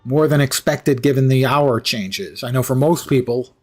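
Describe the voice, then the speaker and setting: Husky, wry male game streamer. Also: medium pitch, normal speed, faint music behind. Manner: wry, rambling, sarcastic asides. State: sleepy, yawning often. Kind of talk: casual commentary while gaming.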